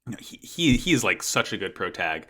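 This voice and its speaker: A man's voice: on the low side, sing-song, normal speed, a bit bright. A young man casually recapping an anime episode as podcast co-host, rambling with lots of ums and likes.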